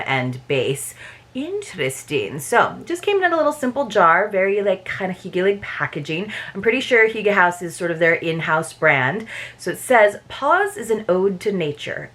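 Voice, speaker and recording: A woman's voice: mid-range voice, pushed and bright. A woman in her thirties chatting casually while unboxing a subscription box, rambling and self-deprecating.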